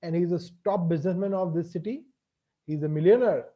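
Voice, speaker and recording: A man's voice: high-pitched, fairly quick, muffled recording. A man voicing a cheerful, helpful male passerby who speaks in eager exclamations.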